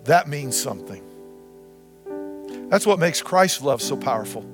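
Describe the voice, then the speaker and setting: A man preaching a sermon as pastor, repeating phrases and swinging from loud to soft. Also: mid-range voice, animated, a little slow. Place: church sanctuary. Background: guitar music.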